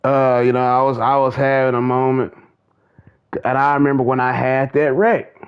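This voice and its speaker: Speaking at a moderate pace with a smooth, medium-pitched voice and a flat delivery, a gaming channel host casually talks through faith and a breakup like a testimony. His speech is drawling and full of slang, captured on a dull, lo-fi streaming mic.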